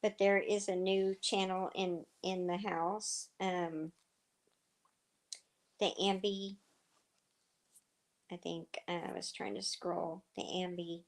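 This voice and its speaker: A middle-aged woman hosting a livestream, chatting casually and telling rambling stories with lots of fillers, her voice slightly hoarse. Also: lowish voice, level tone, slow, long pauses. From southern United States. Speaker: livestream host. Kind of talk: casual chat with viewers.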